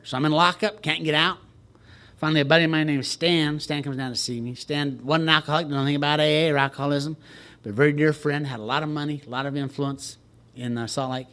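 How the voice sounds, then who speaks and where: A man with a slightly higher-than-usual voice tells his recovery story to a group. He jokes at his own expense, and his delivery stays dry and wry. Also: fairly even intonation, fast talker, fairly bright tone. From Texas, USA. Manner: wry, joking storyteller who laughs at himself. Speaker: recovery speaker at a retreat. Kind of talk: personal recovery story told to a crowd.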